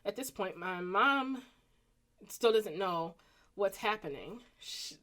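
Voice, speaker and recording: Chatty Southern woman telling a story. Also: slow. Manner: animated, acts out quoted voices with pitch jumps. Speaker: vlogger. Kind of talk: casual storytelling.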